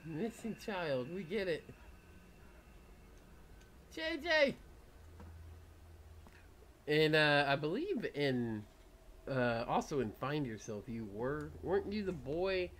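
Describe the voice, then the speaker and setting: A man's voice: a little high, sing-song, slow pace, long pauses, slight background noise. Jumpy, swearing man playing a horror game. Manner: jumpy, swearing, nervous laughter, loud startled outbursts. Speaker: gaming YouTuber. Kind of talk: horror game let's play commentary.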